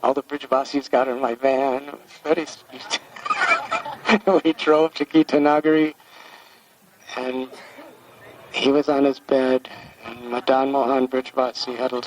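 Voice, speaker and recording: A man in his sixties from the United States, a spiritual teacher telling a devotional story in a gentle, halting way, often repeating words as he recalls. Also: medium pitch, sing-song. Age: 60s. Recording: distant mic with faint background hiss.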